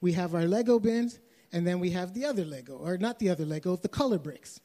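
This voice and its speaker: A young adult man with a Canadian accent preaching a sermon, telling a story softly and then raising his voice to exhort. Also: sits high, animated, quick pace. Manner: storytelling, shifts from soft anecdote to raised preaching. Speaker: pastor.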